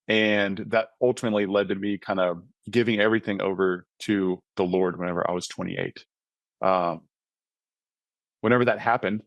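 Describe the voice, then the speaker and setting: Earnest low-voiced man telling his story. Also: no room sound. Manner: earnest storyteller, often checks in with "right?". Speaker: podcast guest, author and mentoring ministry founder. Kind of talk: personal testimony in casual conversation.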